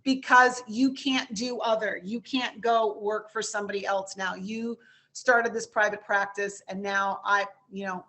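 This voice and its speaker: A woman from New York with a New York accent, hosting a webinar and wrapping it up in a brisk, chatty, enthusiastic way over a video call. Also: mid-range voice, steady tone, bright, forceful tone. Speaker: webinar host. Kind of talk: casual webinar wrap-up.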